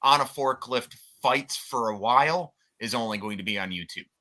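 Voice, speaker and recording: A man's voice: medium pitch, normal speed, sharp tone. A man from Michigan co-hosting a wrestling podcast, chatting casually and bluntly while promoting the channel. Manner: plugs the channel, blunt and cussing. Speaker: podcast co-host.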